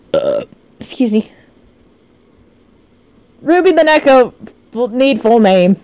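A woman streamer chatting live over a game, excitable and shrieking, her voice often cracking. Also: on the high side, takes it slowly, long pauses, no room sound. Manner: excitable, shrieking, swearing at chat. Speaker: virtual streamer. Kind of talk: live gaming stream chat.

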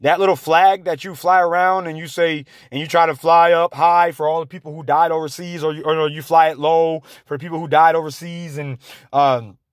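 A man delivering an angry, confrontational rant to his viewers, halting often on fillers. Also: a little high, steady tone, no room sound, clean studio sound. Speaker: vlogger.

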